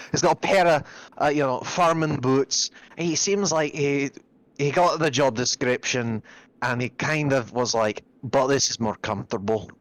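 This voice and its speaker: A man playing a tabletop game, describing his character in a rambling way and pausing to search for words. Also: medium pitch, a bit bright, no room sound, poor audio. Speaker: player.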